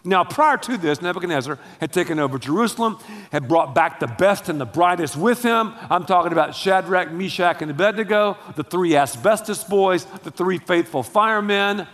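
High-voiced preacher, lively and slangy. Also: male voice, normal speed, big-room sound. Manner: animated storytelling with slangy asides. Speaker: pastor. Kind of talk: sermon.

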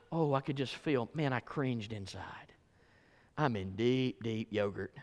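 A male pastor preaching a sermon, telling folksy stories and switching from loud emphasis to hushed asides. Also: medium pitch, lively intonation, a little slow. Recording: echoey hall.

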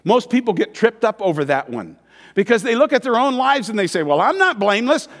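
A man's voice: sits high, big pitch swings, a little fast. A man preaching a conversational sermon in a church, asking the congregation questions and acting out quoted voices. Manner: acts out quoted voices in dialogue. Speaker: pastor. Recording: long hall reverb.

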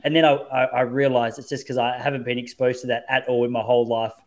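A man's voice: medium pitch, flat delivery, fast talker. A man, hosting a casual chat and telling self-mocking stories. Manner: chatty storyteller, self-mocking.

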